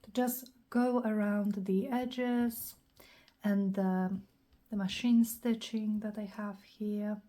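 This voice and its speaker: A woman hosting a casual crafting tutorial, thinking aloud in a scratchy, slightly hoarse voice and often clearing her throat. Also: mid-range voice, fairly even intonation, slow pace, mellow. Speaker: craft channel host.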